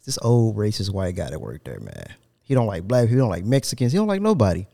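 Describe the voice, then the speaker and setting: Fast-talking man telling a work story. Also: fairly low pitch, vocal fry. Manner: animated, profane, laughs through his story. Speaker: podcast host. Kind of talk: casual storytelling chat.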